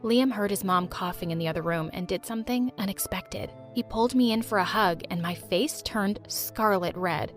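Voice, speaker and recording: A young woman tells a first-person story in a mid-range voice, animated and full of sarcastic asides. Faint music plays softly underneath. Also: medium pitch, normal speed, few pauses.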